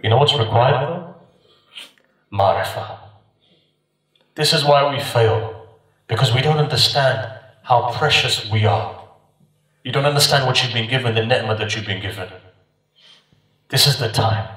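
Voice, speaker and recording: A man from the United Kingdom gives an impassioned sermon at a mourning gathering, using rhythmic repeated refrains and emphatic rises and drops. His medium-pitched, slightly bright voice comes at a measured pace with frequent pauses, sounding distant in a very echoey recording.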